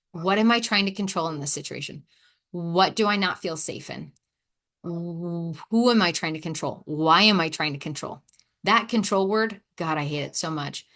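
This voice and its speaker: A woman's voice: on the low side, a bit bright. A woman hosting a casual self-help podcast, talking candidly and self-deprecatingly, sighing, with playful sass. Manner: acts out quoted dialogue in shifting voices. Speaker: podcast host.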